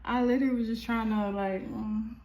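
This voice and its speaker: A young woman telling a personal story to camera in a chatty, animated way, full of fillers. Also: fairly high pitch, brisk, slight background noise, poor audio. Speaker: vlogger. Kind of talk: casual storytime.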